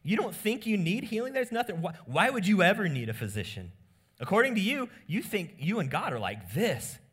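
A man's voice: sits high, very animated, a little fast, a bit bright, slightly rough, pitched above the performer's own voice, full character voice. A stern male teacher, acted by a preacher, scolds the self-righteous in a raised, ringing voice. He fires off mocking rhetorical questions and pointed rebukes, always cutting and sure of himself.

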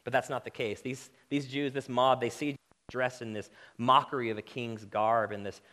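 A man delivers a sermon with real conviction, his voice swelling to loud, emphatic peaks before sinking back to quiet, earnest asides. He sits in a middling pitch for a man and talks to his listeners directly. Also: little pitch movement, normal speed. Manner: impassioned, rising to emphatic peaks then dropping low. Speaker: preacher.

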